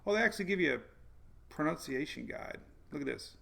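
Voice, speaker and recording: A man with a gravelly, creaky voice chats loosely through a weather stream. He rambles, chuckles often and answers viewers by name as he works through the maps. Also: fairly high pitch, expressive, normal speed, pauses often, fairly bright tone. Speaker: weather show host. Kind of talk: casual livestream weather talk.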